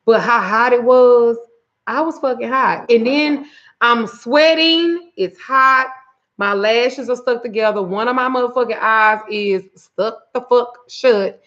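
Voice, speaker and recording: A woman's voice: on the high side, measured pace, a bit bright, lo-fi sound. Profane, exasperated woman telling a story. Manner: reads viewer names aloud. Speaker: spiritual reader and root worker. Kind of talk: casual livestream storytelling.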